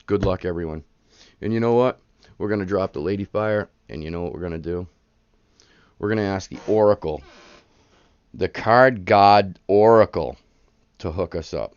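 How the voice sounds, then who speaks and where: A man's voice: deep voice, a little fast, pauses often, a little mellow, smooth, no echo, highs cut off. Chatty man hosting a card break. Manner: chatty, rambling, hypes up the pulls. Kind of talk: casual live-stream card break chatter.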